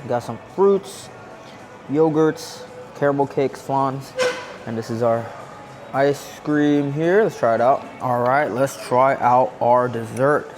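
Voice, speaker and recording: Chatty and clearly enjoying himself, a man reviews food at a hotel buffet for his vlog, humming happily between bites. His mid-range voice is a little mellow. The indoor restaurant audio comes through a shotgun mic mounted on the camera.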